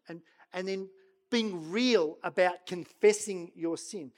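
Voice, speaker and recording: High-voiced pastor preaching with swelling intensity. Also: male voice. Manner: swings between loud urging and hushed, slow prayerful quoting. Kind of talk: sermon.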